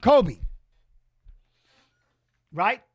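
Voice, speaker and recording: A man hosting a live-stream watch-along, giving casual fight commentary in an excitable, slangy way and teasing the chat. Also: sits high, very slow, husky.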